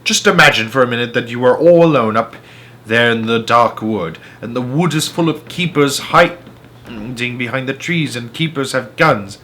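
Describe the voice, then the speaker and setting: A cheerful, scheming poacher father, read aloud by a man from a storybook. He talks with lively, boastful relish in a bright, forceful voice, as if sharing a grand secret. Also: medium pitch, normal speed, lightly acted. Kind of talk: children's book read-aloud.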